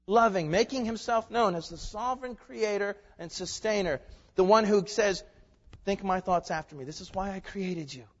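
A man preaching a sermon in a church, lively and emphatic, moving between loud declarations and quiet asides. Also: high voice. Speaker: pastor. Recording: dull sound with long hall reverb.

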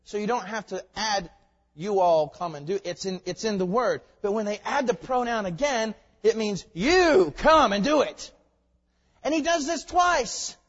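A man's voice: high voice, normal speed. Man preaching in a long-echoing hall. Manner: swings from quiet asides to loud emphatic climaxes. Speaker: pastor. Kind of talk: sermon. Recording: long reverb, dull lo-fi sound.

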